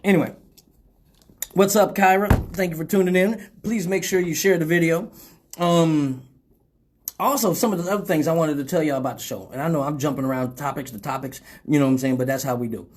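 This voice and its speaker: A man's voice: on the high side, a little fast, a little mellow, slight background noise. A man hosting a casual live show, rambling loosely and swearing freely after a few drinks. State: tipsy from drinking. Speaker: host.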